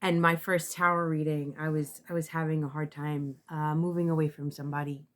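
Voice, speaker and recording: Her voice is low and her delivery flat as this female tarot reader chats to the camera. She keeps pausing, restarting and using fillers, and she sounds on the verge of crying.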